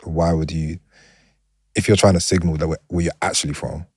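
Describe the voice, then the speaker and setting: A man with a very deep, husky voice hosts the conversation. He thinks aloud, searching for words, and gets animated when he makes a point. His voice sounds dry and close to the mic. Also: a little fast, no room sound. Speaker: podcast host. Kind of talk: casual conversation.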